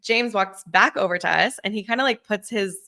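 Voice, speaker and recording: A woman in her thirties telling a story on a podcast, animated, acting out quotes and laughing often. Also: medium pitch, fairly quick. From Southern California. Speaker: podcast co-host. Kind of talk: casual storytelling chat.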